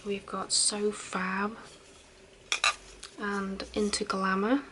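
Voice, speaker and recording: Softly whispering woman, hissy recording. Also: medium pitch, level tone, drawn-out words. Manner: soft, chatty and reassuring, with giggles. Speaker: ASMR host playing a caring best friend. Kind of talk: whispered role-play.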